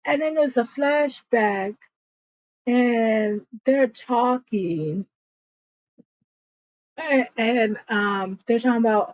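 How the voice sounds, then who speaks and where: Woman slowly walking through an episode recap, kinda high voice, dry muffled audio. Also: no echo. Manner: chatty storytelling that acts out quotes, says y'all. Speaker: TV episode reviewer.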